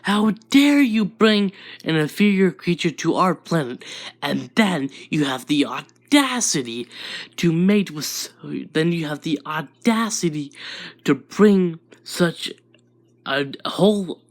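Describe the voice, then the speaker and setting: A narrator voicing a bigoted old alien patriarch who yells at outsiders. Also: mid-range voice, measured pace, vocal fry, pitched above the performer's own voice. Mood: furious. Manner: yelling, contemptuous.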